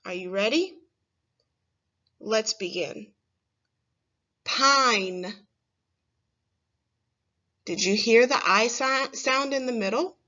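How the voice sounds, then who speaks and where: A woman teaching a phonics lesson to first graders, saying each word slowly and clearly for the children to repeat. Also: on the high side, a bit bright, muffled recording. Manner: slow, clear, stressing single words for children to repeat.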